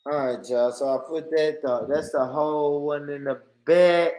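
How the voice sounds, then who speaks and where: A man's voice: fairly high pitch, fairly even intonation, measured pace, a little mellow. A man hosting a livestream, chatting casually and laughing often as he tries out new phrases. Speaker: livestream host.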